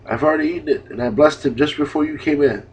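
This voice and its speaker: A man's voice: fairly high pitch, fast talker, slightly rough, voice pushed up. A man reading an aged patriarch, solemn. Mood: questioning. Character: aged male patriarch blessing his sons. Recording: dull lo-fi recording.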